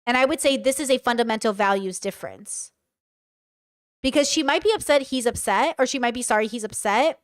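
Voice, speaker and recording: A woman's voice: fairly high pitch, brisk, dry recording, studio quality. A woman streamer reacting to and reading out chat messages in a casual commentary style. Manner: casual, swears while reading.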